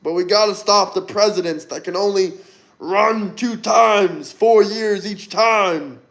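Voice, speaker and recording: A man puts on an elderly politician in a preachy rant, hammering the same point again and again. The voice sits fairly high for a man. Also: slow, creaky, fairly bright tone, full character voice. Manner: repetitive, preachy ranting. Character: impression of an elderly male politician ranting against oligarchs.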